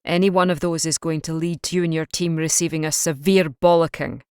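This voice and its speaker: A woman voicing a gruff, sarcastic male Scottish police chief with a Scottish accent in an audiobook reading. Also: sits low, fairly even intonation, brisk, darkish tone, no echo, clean studio sound, natural voice. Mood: stern.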